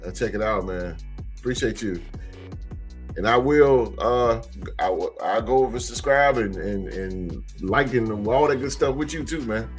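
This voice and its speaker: A man hosting a sports podcast live, chatting casually with his live chat in a relaxed, repetitive way, speaking. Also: on the low side, unhurried, soft background music. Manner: laid-back, repeats phrases, shouts out chat members.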